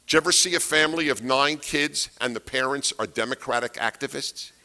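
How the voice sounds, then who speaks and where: A man lectures an audience in a bright, forceful voice. He drives each point home by repeating it and throwing out rhetorical questions. His pitch sits in an ordinary middle range for a man. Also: brisk. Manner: emphatic, repeats key phrases, asks rhetorical questions. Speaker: speaker giving a talk.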